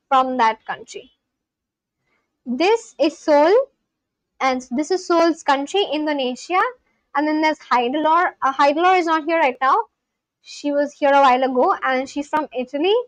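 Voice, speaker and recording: A woman's voice: sits high, unhurried, dry recording, low-quality recording. A woman from India, chatting casually on a live stream, reading viewer messages aloud and answering them. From Kolkata, India. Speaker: livestreamer.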